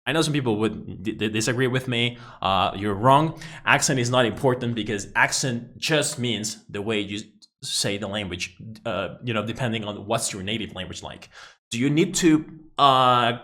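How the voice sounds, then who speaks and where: A man's voice: medium pitch, moderate pace. A man from Mexico, a native Spanish speaker with a Mexican Spanish accent, explaining things emphatically in a casual video lesson as an English teacher. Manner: emphatic, animated explaining to the camera.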